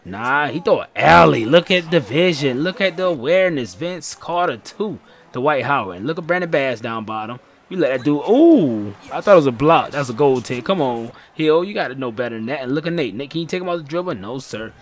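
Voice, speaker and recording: A man giving casual, slangy play-by-play commentary over a basketball video game, excitable and heckling his own players. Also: on the high side, a little fast. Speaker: gaming channel host.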